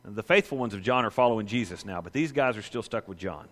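A man preaching a sermon, reading scripture and then telling the story in an animated, emphatic way, often asking "right?". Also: fairly low pitch, fast, in a large hall. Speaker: pastor.

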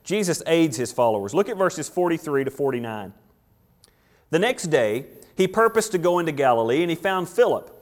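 A male pastor, preaching a sermon and acting out quotes with lively shifts in delivery. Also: fairly high pitch, moderate pace. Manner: animated preaching with acted-out quotes.

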